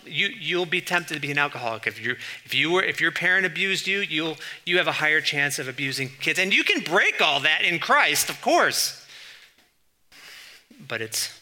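A man preaching a conversational sermon, reading scripture passages aloud and breaking off into quick, informal asides. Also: a little high, animated, bright, forceful tone. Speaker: pastor.

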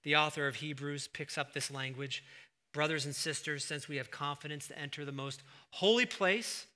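A male pastor preaching a sermon, asking rhetorical questions and swinging between hushed, slow emphasis and loud exclamations. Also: fairly high pitch. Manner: asks the congregation rhetorical questions.

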